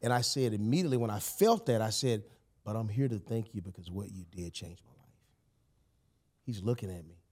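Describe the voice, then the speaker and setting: A podcast guest shares a personal story in a relaxed chat, animated and emphatic, often saying "you know" and "man." His pitch is fairly low and he talks a little fast.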